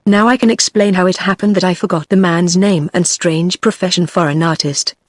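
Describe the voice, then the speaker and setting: A text-to-speech woman's voice with a British accent, reading the lines of a frank middle-aged landlady in a storybook in an even synthetic way. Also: on the low side, fairly quick, no echo, clean studio sound, close to an everyday voice. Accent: British English. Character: middle-aged female hotel landlady, frank, quick to take offence.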